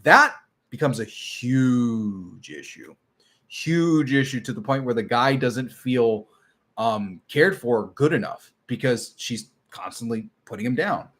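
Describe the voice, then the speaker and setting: A man hosting a casual live stream as a relationship coach, talking emphatically and sometimes dropping to a soft, tender tone. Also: mid-range voice, slow pace. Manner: animated and emphatic, drops to a soft tender tone when acting out a partner.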